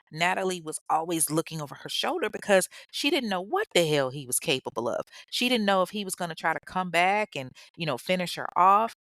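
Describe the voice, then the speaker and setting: A woman's voice: low-pitched, fairly bright tone, no room sound. A woman hosting a podcast, retelling a true-crime case in a chatty, profane way with laughing asides to her listeners. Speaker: podcast host. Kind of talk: casual true-crime storytelling.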